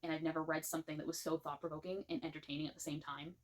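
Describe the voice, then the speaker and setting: A woman reviewing a book series in a gushing, animated way, rambling with many restarts. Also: deep voice, rapid-fire. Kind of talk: casual spoken book review.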